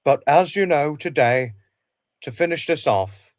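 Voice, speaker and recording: A man hosting a casual livestream, reminiscing in a halting way, often repeating himself and restarting his sentences. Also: fairly high pitch, lively intonation, no echo. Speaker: livestream host.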